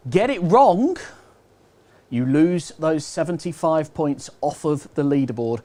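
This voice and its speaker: A man's voice: high voice, a little mellow. A man with a British accent hosting a live online quiz, chatty and upbeat, walking viewers through the rules. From United Kingdom. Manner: chatty, upbeat, repeats instructions. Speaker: quiz host.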